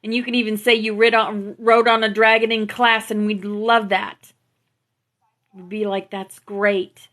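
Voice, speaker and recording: A woman hosting a spiritual live stream, gently affirming her viewers and reading out teachings through a phone mic. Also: medium pitch, little pitch movement, unhurried. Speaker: spiritual livestream host. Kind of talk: spiritual livestream talk to viewers.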